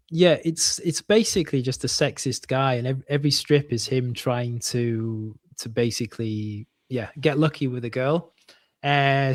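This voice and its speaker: A man from northern England co-hosting a casual chat over a video call, halting often and laughing a lot. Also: medium pitch, dry recording, clean studio sound. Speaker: podcast co-host.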